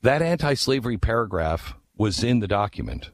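A man telling a history story with passion, asking rhetorical questions and dropping low for asides before pushing his voice up for key points. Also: very animated, normal speed, no room sound. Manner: emphatic, rhetorical questions, swings between low hushed asides and raised urgent lines. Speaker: speaker on history. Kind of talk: impassioned storytelling talk.

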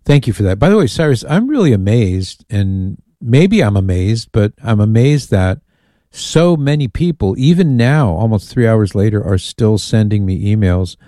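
Mellow-voiced male radio host. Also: fairly low pitch, lively intonation, normal speed, dry recording, studio quality. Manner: chatty, reads listener emails aloud with amused asides. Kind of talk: call-in radio talk.

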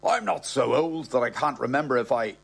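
A man with an Irish accent voicing a pompous, doting older gentleman who speaks in old-fashioned exclamations. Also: mid-range voice, lively intonation, fairly quick, creaky, slightly rough. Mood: flustered.

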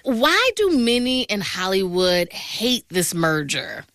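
A woman radio news host giving crisp, composed anchor introductions and questions in a studio. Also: mid-range voice, big pitch swings, slow pace, a bit bright, no echo.

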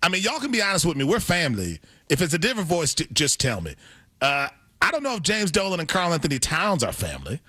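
Bright-voiced male sports radio host. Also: on the high side, huge pitch swings, quick pace, slightly rough, no echo. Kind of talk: casual sports talk.

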